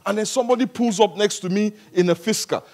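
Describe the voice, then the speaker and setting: Male pastor with a high voice, lively and humorous preaching that swings between hushed and loud. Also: fast talker. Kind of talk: sermon. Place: church service.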